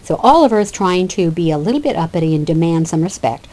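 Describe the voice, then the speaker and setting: A woman's voice: on the low side, expressive, fast, a little mellow. A woman teacher giving a lecture that explains a classic play scene by scene. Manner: explanatory, with fillers and restarts. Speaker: literature teacher.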